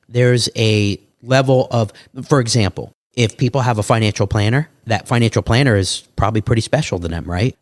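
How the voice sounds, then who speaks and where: Male entrepreneur guest, animated pitchman delivery, dry studio sound. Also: dry recording. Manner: animated salesman patter, acts out dialogue. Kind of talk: casual interview talk.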